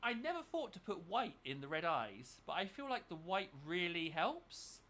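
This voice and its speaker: Bright-voiced man muttering while painting. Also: high-pitched, very animated, moderate pace. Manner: thinks aloud, mutters while working. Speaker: miniature painting channel host. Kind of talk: casual chat while painting.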